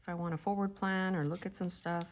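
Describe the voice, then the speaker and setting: A woman's voice: on the low side, fairly even intonation, quick pace, slight background noise. A woman in her forties chatting casually and giggling as she sets up her planner, sometimes dropping to a whisper. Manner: giggly, chatty, often drops to a soft whisper. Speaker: planner vlogger. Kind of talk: casual chat while crafting.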